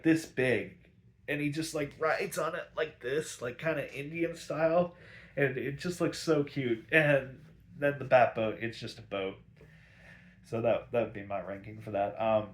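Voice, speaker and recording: A man's voice: medium pitch, darkish tone. A man casually recapping an old movie, rambling with lots of fillers and swearing. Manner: rambling, filler-heavy, profane. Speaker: host recapping a film. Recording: roomy echo.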